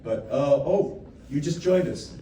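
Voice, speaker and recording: A man's voice: fairly high pitch, expressive, measured pace, far from the mic. A man hosting a fan Q&A in a casual, playful way, often laughing as he tells stories. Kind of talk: casual joking chat with fans. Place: indoor meet-and-greet room. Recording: echoey room, recorded from afar, background noise.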